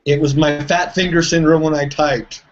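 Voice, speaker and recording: A man with a fairly high voice talks in a self-deprecating way and laughs at his own slip. The call audio is a little muffled. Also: fairly even intonation, normal speed. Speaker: guest. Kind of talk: casual chat. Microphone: video call.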